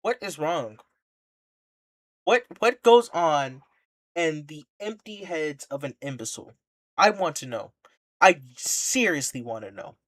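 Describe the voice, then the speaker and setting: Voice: mid-range voice, expressive, unhurried, pauses often, fairly bright tone. A streamer giving an impassioned, indignant commentary rant, full of rhetorical questions and repeated points.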